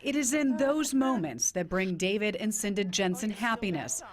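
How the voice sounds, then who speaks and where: A woman reporter narrating a television news story in a measured, even delivery. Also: mid-range voice.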